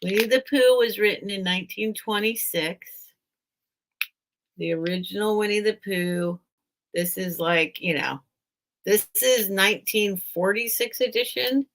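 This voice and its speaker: A woman hosting a casual live sale stream, reading a children's book aloud and choking up, with halting restarts. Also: medium pitch, a bit bright. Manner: emotional, choking up while reading; slow, halting, with many restarts.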